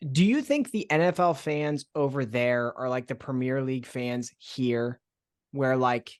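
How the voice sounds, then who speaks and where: A man's voice: mid-range voice, unhurried, smooth. A man co-hosting a podcast in casual chat, thoughtful and asking questions. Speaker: podcast co-host.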